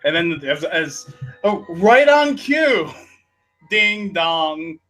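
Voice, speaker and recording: Host, male, slightly high and sharp voice, unhurried, laughs a lot. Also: very animated, faint music behind, rough recording. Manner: joking, laughs often. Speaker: podcast host. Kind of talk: casual chat.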